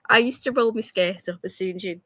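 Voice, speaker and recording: A woman's voice: medium pitch, bright, forceful tone, no echo. A woman, chatting casually as a co-host, telling stories about her kids and laughing often. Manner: casual, uses dialect forms like "me" for "my". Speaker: radio show co-host. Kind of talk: casual chat.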